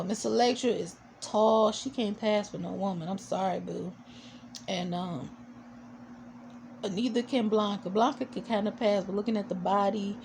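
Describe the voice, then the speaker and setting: A woman's voice: medium pitch, vocal fry, noisy background. Chatty, sassy woman recapping a show. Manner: chatty, full of "you know" and fillers; sassy, opinionated asides. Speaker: TV show reviewer. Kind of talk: casual episode recap vlog.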